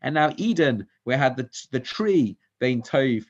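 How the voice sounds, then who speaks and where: A man's voice: mid-range voice, lively intonation, a little slow. A man leading a Torah study class, quizzing the group with questions and mixing Hebrew verses into English. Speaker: Torah teacher. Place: synagogue class. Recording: dull lo-fi recording.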